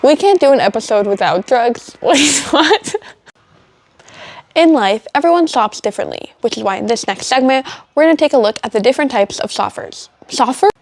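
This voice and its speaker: A teenage girl with a slightly high voice hosts a student show. She keeps breaking into giggles and restarting her lines, flustered but cheerful. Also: lively intonation, fairly quick, few pauses, darkish tone. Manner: giggly, flustered by slip-ups. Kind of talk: outtakes of a school show.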